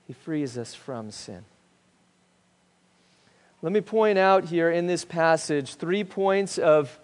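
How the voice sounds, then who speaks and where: Emphatic man preaching in a reverberant hall. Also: sits high. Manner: emphatic preaching, swinging from loud to hushed. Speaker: pastor. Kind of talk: sermon. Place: church sanctuary. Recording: long reverb of a church hall.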